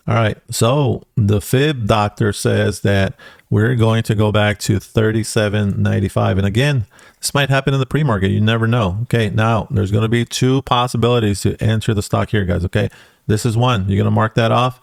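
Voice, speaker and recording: A man's voice: lowish voice, creaky, no room sound, studio quality. A man talking casually through stock charts as a trading educator, tagging lines with "okay" and "guys.". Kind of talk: casual screen-share chart walkthrough.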